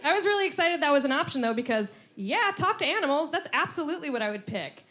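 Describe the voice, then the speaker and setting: Animated woman doing stand-up. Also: fast talker, slight background noise. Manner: animated, puts on silly high animal voices. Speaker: stand-up comedian. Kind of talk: stand-up comedy set. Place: comedy club stage before a laughing audience.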